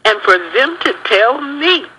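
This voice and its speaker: A woman's voice: a little high, very animated, slow, pushed and bright, a little hiss or hum. An older woman calling in to a radio show, speaking with impassioned, indignant emphasis. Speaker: caller. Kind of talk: emotional phone call. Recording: phone line on the radio.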